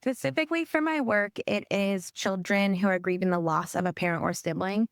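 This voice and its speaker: A woman's voice: mid-range voice, a little fast, smooth, no echo, studio quality. A woman who coordinates a grief program, talking casually as a guest and often saying "like" and "right?". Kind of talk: casual storytelling and explaining.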